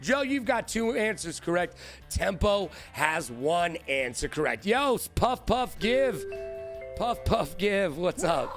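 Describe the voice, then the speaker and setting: A man hosting a live-streamed trivia show, hyped and playful, shouting out viewers by name. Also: high-pitched, big pitch swings, takes it slowly, vocal fry, faint music behind.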